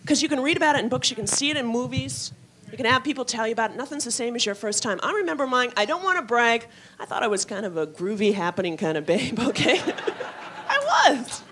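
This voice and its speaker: A woman's voice: fairly high pitch, fast, a bit bright. A young woman performing a stand-up comedy set in a club, wry and self-mocking, slipping into mock voices. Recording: live club recording with audible noise.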